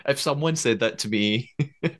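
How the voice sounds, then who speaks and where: A man's voice: medium pitch, normal speed, a bit bright. A Scottish man co-hosting a podcast in casual chat, laughing easily and restarting his sentences. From Scotland. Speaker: podcast co-host.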